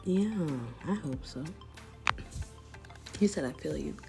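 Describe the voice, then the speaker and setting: A woman's voice: low-pitched, animated, slow, vocal fry, music in the background. A young woman vlogger giving casual, slangy commentary on a chat room, laughing often and sometimes dropping to a whisper.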